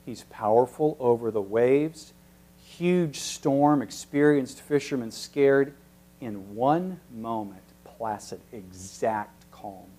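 A man preaching an expository sermon, teacherly, with emphatic peaks that drop to very soft passages. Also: mid-range voice.

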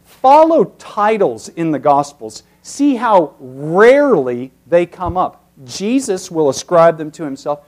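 A man preaching an expository sermon, teacherly, with emphatic peaks that drop to very soft passages. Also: a little high, very animated, slow pace, hardly any pauses.

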